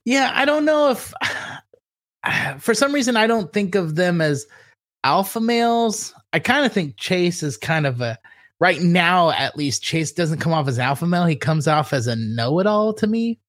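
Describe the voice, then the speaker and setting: SoCal co-host, young man, easygoing rambler, slightly high voice, dry close mic. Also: very animated, unhurried, a bit bright, no echo. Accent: Southern Californian. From Southern California. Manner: laid-back, rambling, with fillers and laughs. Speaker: podcast co-host. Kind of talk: casual chat.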